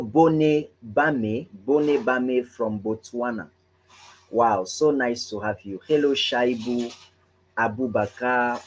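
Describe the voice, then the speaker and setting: A man's voice: medium pitch, a little hiss or hum, low-quality recording. A man hosting a live online business training, welcoming viewers one by one in an upbeat, chatty way and often tagging on "right?".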